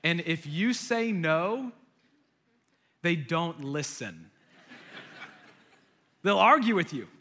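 A young American man preaching a sermon, telling stories with animated delivery and acting out voices. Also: on the high side, slow, pauses often, a little hiss or hum. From United States. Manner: animated storytelling, acts out voices. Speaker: pastor.

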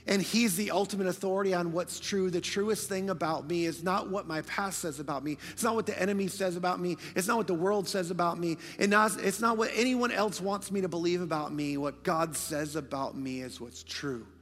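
High-voiced man preaching in a reverberant hall. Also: fairly quick, few pauses, slight background noise. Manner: impassioned, rising to near-shouting emphasis; drops to hushed, whispered lines for quiet points. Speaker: pastor. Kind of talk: sermon. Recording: long hall reverb, faint music behind.

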